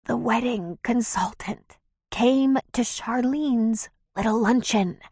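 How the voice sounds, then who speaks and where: A woman's voice: medium pitch, animated, slow, slightly rough, dry recording, studio quality, full character voice. Woman voicing a weak, scratchy, menacing woman. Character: weakened, threatening adult woman.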